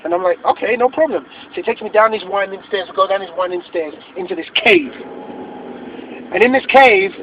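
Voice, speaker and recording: A man telling an animated story from the passenger side of a car, acting out quotes and restarting his sentences as he goes. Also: sits high, fairly quick. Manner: excitable, acts out quotes, many restarts. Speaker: interviewee. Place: inside a moving car. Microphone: phone. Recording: muffled phone recording with road noise.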